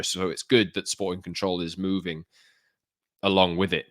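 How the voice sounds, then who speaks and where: Deep-voiced male podcaster, measured and dry. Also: level tone, a bit bright, no echo. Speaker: podcast co-host. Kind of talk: casual football podcast chat.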